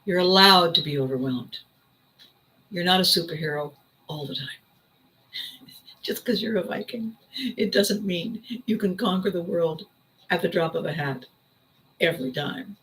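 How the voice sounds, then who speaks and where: Give me a woman voicing a caring friend on the phone, teasing and coaxing. Her voice stays bright, close to the speaker's own. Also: lowish voice, a little slow, long pauses, rough recording.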